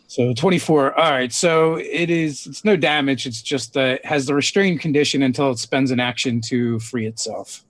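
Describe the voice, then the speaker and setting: A man at a tabletop game calmly declaring his attacks. He states rolls and rules plainly, without fuss. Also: mid-range voice, normal speed, no room sound. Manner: matter-of-fact, reading out rules. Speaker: player.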